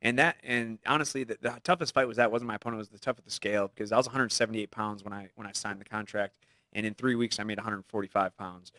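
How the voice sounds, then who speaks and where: A man's voice: lowish voice, steady tone, quick pace, sharp tone, dry recording. A man in his thirties, a fighter guest, talking loosely in a casual studio interview and laughing easily.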